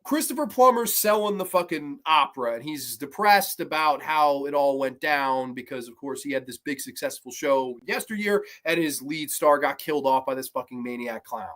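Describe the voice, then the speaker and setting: A man's voice: on the high side, normal speed, few pauses. A man hosting a horror movie review show, talking casually, swearing often and acting out scenes as he rambles through the plot. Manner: animated, swears often, acts out scenes in quotes; rambling with restarts and asides. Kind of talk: casual film review podcast.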